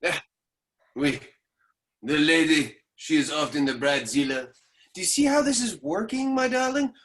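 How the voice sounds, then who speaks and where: A man's voice: fairly high pitch, expressive, moderate pace, fairly bright tone, voice pushed down. A man playing a pompous Frenchman with a put-on French accent in an improv scene. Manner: pompous, theatrical.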